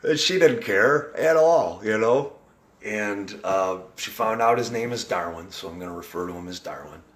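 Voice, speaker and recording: A man's voice: on the low side, expressive, normal speed, a bit bright. A man hosting a casual live video chat, talking in an earnest, rambling way with frequent restarts. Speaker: live-stream host.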